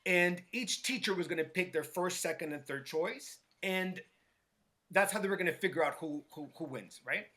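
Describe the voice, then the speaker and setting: A middle-aged man telling stories from his life in a casual interview, animated and acting out quoted voices, often checking in with "right?". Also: sits high, moderate pace. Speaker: guest, hair stylist.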